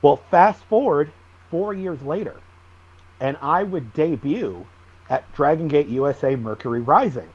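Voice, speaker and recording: A man, a wrestling guest on a podcast, telling stories in a lively, animated way. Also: a little high, a little slow, slightly rough, lo-fi sound. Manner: animated storyteller, acts out shouted quotes. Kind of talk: casual storytelling interview.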